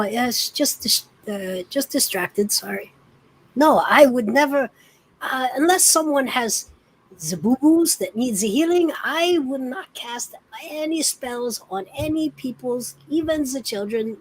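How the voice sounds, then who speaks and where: A woman's voice: high-pitched, slightly rough, full character voice, rough recording. A woman voicing a scatterbrained, cheerful male bard healer who talks in a distracted, eager, rambling way.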